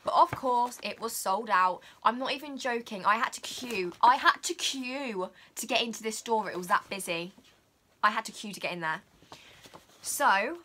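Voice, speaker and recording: A teenage girl, chatting excitedly and dramatically about her makeup haul. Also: a little high, a little hiss or hum. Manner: gushing, dramatic, fast-talking. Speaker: beauty vlogger.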